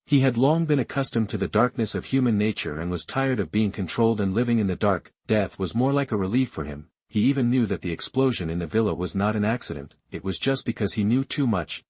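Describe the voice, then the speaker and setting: Man, audiobook narrator, husky voice, dry close sound, steady novel reading. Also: fairly low pitch, brisk, hardly any pauses, no room sound.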